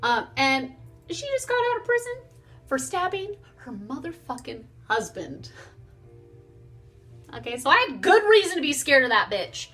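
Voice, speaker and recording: Bright-voiced young woman telling a story. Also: high-pitched, normal speed, long pauses, soft background music. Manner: animated, profane, swears freely. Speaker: vlogger. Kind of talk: casual storytime chat. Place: home, getting ready on camera.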